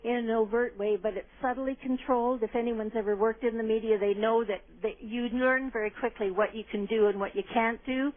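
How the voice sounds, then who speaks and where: A woman's voice: fairly high pitch, fairly even intonation, a little fast, hardly any pauses. A woman calling in to a radio show, talking in a rambling, indignant way and often agreeing with "absolutely". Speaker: caller. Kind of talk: call-in radio chat. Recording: tinny phone line.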